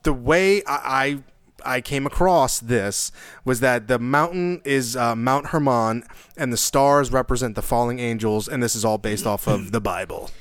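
A man co-hosting a casual podcast, talking haltingly with many fillers and restarts. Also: medium pitch, dry recording. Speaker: podcast co-host.

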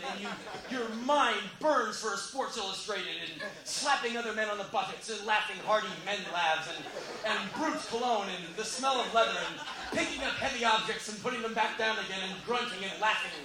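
A man telling spoken word stories, animated, bursting into shouted impressions and mock laughs. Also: high-pitched. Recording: roomy echo.

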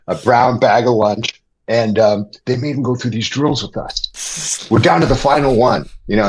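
A middle-aged man, a guest on a podcast, telling an animated story with excitement and laughter. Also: mid-range voice, breathy edge, dull audio. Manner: excited, laughing anecdote teller. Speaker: guest, former TV gladiator.

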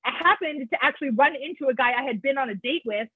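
With a high, fast voice and no echo, a woman recounts her recovery frankly as a podcast guest and author in recovery. The call comes through a tinny, dry phone line, and her candid storytelling is full of swearing and fillers like "like" and "you know."

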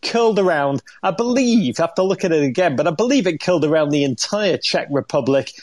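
A man's voice: fairly high pitch, animated, fairly quick, a little mellow, no room sound. A middle-aged man co-hosting a football podcast, telling stories in an exuberant, comic way with the odd swear. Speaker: podcast co-host. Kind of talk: animated football chat.

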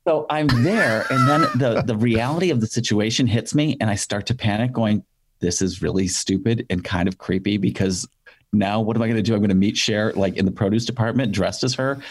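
Man telling an animated story, dry sound. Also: lowish voice, a little fast, husky, dry recording. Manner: animated anecdote with quoted voices; frequent fillers and restarts. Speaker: storyteller guest. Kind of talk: casual storytelling.

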